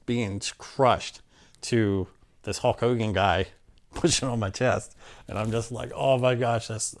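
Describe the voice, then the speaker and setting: A middle-aged man candidly recounting a personal story in an interview, acting out what people said. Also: lowish voice. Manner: candid, plainspoken, acts out quotes.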